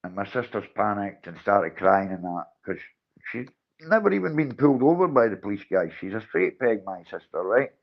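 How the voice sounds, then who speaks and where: Animated man, low voice, lo-fi. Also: normal speed, gravelly. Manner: animated, acts out his own and others' lines. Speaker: livestream host. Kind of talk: livestream storytelling.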